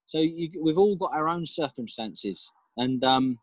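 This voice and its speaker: A man's voice: on the high side, measured pace, dry recording, rough recording. A man, a father, talking reflectively as a podcast guest, with laughs and hesitant restarts. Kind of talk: casual interview chat.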